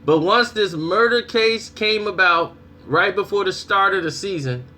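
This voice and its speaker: Animated man vlogging, bright voice. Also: sits high, measured pace. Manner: animated storytelling, acts out reactions. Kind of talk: casual commentary.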